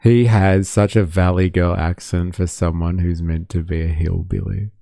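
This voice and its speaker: A man's voice: deep voice, little pitch movement, normal speed, vocal fry, warm tone, no echo, studio quality. A man hosting a livestream, giving sarcastic, laughing commentary over news clips. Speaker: livestream host.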